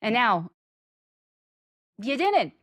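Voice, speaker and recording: A lively, playful woman talks as a podcast guest from her home office. Her voice comes through a webcam, close and dry with almost no room sound. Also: a little high, extremely slow, no room sound. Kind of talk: casual interview chat. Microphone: webcam video call.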